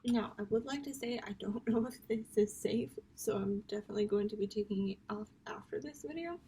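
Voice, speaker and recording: A woman's voice: medium pitch, a little fast, mellow, slight background noise. A young woman chatting casually through a makeup tutorial at home, giggling often and slipping into whispers. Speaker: makeup vlogger.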